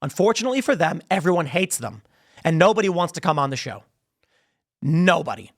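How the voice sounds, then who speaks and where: A man's voice: a little high, very animated, fairly quick. A man hosting a podcast, delivering an emphatic, mocking commentary monologue and repeating phrases for effect into a studio microphone. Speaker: podcast host.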